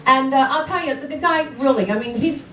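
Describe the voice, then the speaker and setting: A woman's voice: high voice, a little fast, a bit bright, soft background music. A middle-aged woman doing stand-up in a brash, sassy way, ribbing the crowd. She is picked up from a distance, so the room rings around her voice. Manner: brash, sassy, talks to the audience. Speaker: stand-up comedian. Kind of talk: stand-up comedy set. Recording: roomy sound from a distance.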